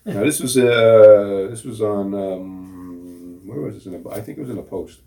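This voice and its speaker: A man's voice: fairly low pitch, unhurried, dark tone. A man hosting a talk show, delivering scoffing, sarcastic political banter and laughing at his own jokes. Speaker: show host. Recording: voice distant from the mic.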